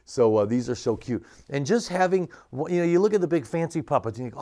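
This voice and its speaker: A man walks through a casual puppetry lesson in an easygoing, chatty way. He runs a church puppet team and often pauses on "um" and "uh". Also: fairly high pitch, expressive, mellow. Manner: chatty, many fillers. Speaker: church puppet ministry leader. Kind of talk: casual instructional demo.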